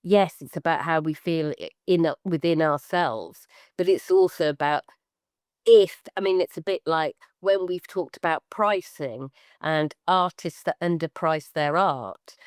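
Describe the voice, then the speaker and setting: A middle-aged woman co-hosts a podcast, chatting in an animated, expressive way. Her voice sits low and sounds smooth and clear. The recording is dry and close, with no room sound. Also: measured pace, no room sound. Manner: animated, acts out quoted voices with big pitch jumps. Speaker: podcast co-host, artist. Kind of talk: casual podcast chat.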